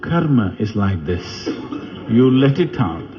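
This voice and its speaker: A man's voice: fairly low pitch, slow. Spiritual teacher guy telling a parable, asks the crowd stuff, dull lo-fi sound. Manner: animated storytelling, questions the audience. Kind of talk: spiritual discourse with storytelling.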